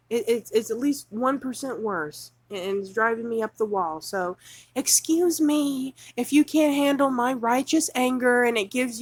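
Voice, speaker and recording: A woman's voice: fairly high pitch, no echo. A woman ranting furiously off the cuff on a livestream, reading news excerpts aloud and mocking them. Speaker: livestream host.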